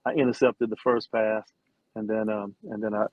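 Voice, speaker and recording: A middle-aged man, an interview guest, telling a long story with lively quoted voices and many restarts. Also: lowish voice, normal speed, no echo, phone-quality sound. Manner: animated storyteller, acts out quotes, frequent restarts. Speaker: interview guest, former football player and singer.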